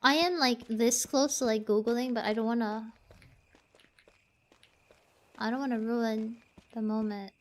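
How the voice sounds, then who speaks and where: Filipino-accented woman, game streamer, high voice, talky and meandering with plenty of restarts. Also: steady tone, unhurried, long pauses. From Philippines. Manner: chatty, rambling, restarts phrases while thinking aloud. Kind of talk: casual game-stream chat.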